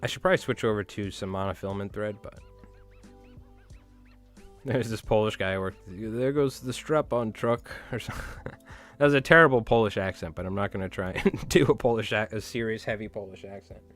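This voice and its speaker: A man's voice: fairly low pitch, fairly quick, a bit bright, faint music behind. A man hosting a casual fly tying livestream who chats with viewers, rambles from one story to the next and swears freely.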